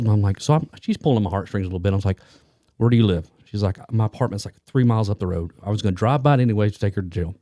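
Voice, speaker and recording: A man's voice: on the low side, racing, dark tone, dry recording, clean studio sound. A man co-hosting a podcast, telling a rambling anecdote full of restarts and asides in casual chat. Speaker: police detective and co-host.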